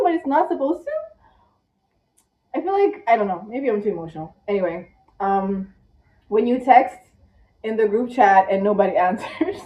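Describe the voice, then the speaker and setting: A tired young woman vlogging casually in one take, chatty and dramatic, with squeaky rhetorical questions. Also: animated, moderate pace, long pauses, dark tone. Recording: echoey room, distant, dull mic.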